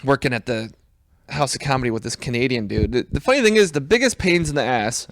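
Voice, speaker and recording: A man on a comedy podcast talks in a rambling, profane, self-mocking way. His voice sits in the middle range, and his pitch moves about lively as he talks. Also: fast talker, no room sound. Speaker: stand-up comedian guest. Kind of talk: casual comedy podcast chat.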